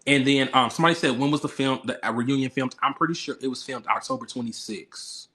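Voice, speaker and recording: A man's voice: mid-range voice, fast talker, sharp tone. Chatty man hosting a recap call. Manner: chatty, filler-heavy, rambling. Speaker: podcast host. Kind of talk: casual reality TV recap chat.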